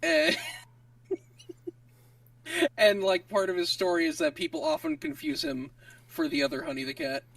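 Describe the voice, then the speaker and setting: A man's voice: extremely high pitch, a little slow, vocal fry, long pauses, a bit bright, dry recording, far from the mic. A man in a casual podcast chat, rambling and filling his talk with "like". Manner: rambling, lots of "like". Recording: dry sound, set back from the mic.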